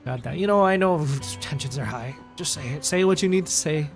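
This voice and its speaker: A man's voice: fairly high pitch, brisk, creaky, over music. A man streaming a game reaction, talking in a hyper, joking way and swearing freely. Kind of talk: casual game reaction commentary.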